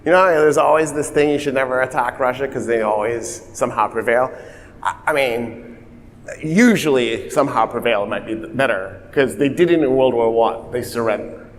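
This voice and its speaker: A man's voice: mid-range voice, moderate pace, big-room sound. A man giving a conversational history lecture, with wry asides and frequent self-corrections. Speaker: college lecturer.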